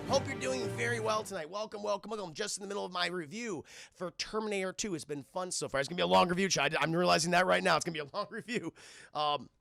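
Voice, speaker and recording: A man's voice: high voice, fast talker, creaky, bright, forceful tone, soft background music. A man casually retelling a film scene by scene on a live stream, rambling, swearing often and talking to his chat.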